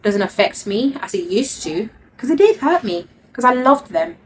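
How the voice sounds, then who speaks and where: A woman's voice: high voice, sing-song, normal speed, slight background noise. A woman, telling a heartfelt personal story to her viewers in an earnest way and repeating words for emphasis. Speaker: vlogger.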